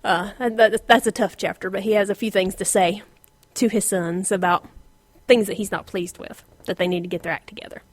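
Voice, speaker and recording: A middle-aged woman gives an informal Bible lesson with a lively, expressive delivery. She laughs often and sinks into a whisper to stress a point. Her voice sounds dry and close, with a mid-range pitch. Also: fairly quick, hardly any pauses, dry recording. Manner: animated, laughs often, drops to a whisper for emphasis. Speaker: Bible teacher.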